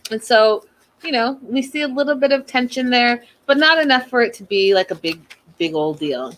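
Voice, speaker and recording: A woman hosting a casual recap of a reality show, chatty and animated, slipping into exasperated rants. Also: fairly high pitch, moderate pace.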